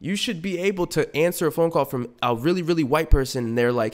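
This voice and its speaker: A man hosting a podcast, telling a story in a profane, animated casual rant with frequent restarts and asides. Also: fairly high pitch, fast, few pauses. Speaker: podcast host.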